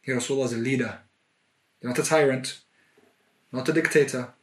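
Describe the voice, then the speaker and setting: A man's voice: medium pitch, steady tone, a little fast. Man telling a sermon story in an echoey room. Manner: vivid, building intensity, acts out quoted voices. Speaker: preacher.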